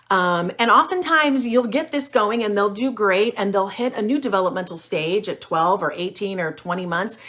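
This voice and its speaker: A woman's voice: mid-range voice, fairly bright tone. A middle-aged woman pediatrician gives candid, reassuring parenting advice in a chatty way, with many ums and restarts. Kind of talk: informal parenting talk.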